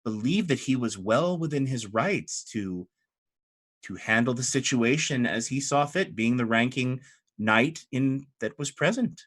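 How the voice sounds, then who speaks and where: A man's voice: mid-range voice, animated, measured pace, fairly bright tone. A man playing a sly, polite abbess. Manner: polite, sweetly mocking. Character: calm sly female abbess.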